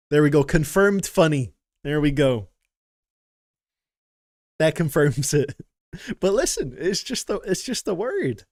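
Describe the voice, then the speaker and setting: A man's voice: a little high, no echo, studio quality. A man hosting a live stream, reacting to submitted songs in a casual, joking way and chatting with his viewers. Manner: playful and joking, laughs often, chats with viewers. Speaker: streamer reacting to music requests. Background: faint music playing.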